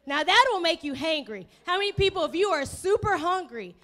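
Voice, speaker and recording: A woman's voice: very high-pitched, very animated, normal speed, a bit bright. A woman pastor with an African-American accent preaching a humorous, chatty sermon in a church, joking with the congregation. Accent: African-American English. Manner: playful, chatty with the congregation, acts out inner voices. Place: church sanctuary.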